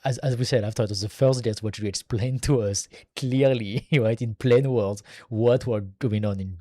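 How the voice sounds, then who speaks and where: A man's voice: medium pitch, fairly even intonation, normal speed, warm tone. A man co-hosting a live tech podcast, chatting casually with short agreeing replies and slightly non-native phrasing. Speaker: podcast co-host. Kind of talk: casual tech news chat.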